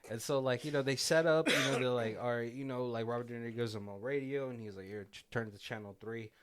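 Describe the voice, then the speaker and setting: Male podcast host, casual recap delivery, quotes the dialogue, average pitch. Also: fast. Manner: retells scenes with quoted lines and frequent laughs. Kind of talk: casual movie commentary chat.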